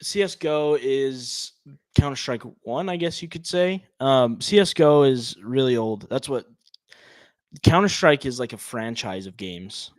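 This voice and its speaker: A laid-back man co-hosting a casual podcast, speaking in an easy, relaxed way at an average pitch for a man. The sound is dry and close to the mic. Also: unhurried, no room sound. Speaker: podcast co-host. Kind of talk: casual chat.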